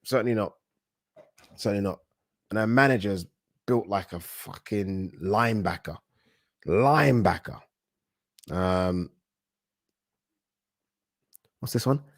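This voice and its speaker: A British man hosting a casual boxing livestream, chatting excitably, swearing casually and reading out viewer messages. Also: fairly low pitch, takes it slowly, long pauses, no echo, studio quality.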